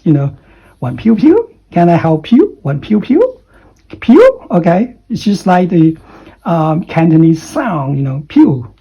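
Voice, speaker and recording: A man's voice: on the high side, mellow, slightly rough, muffled recording. A man teaching English pronunciation, explaining and repeating example phrases with many fillers. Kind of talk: online English pronunciation lesson.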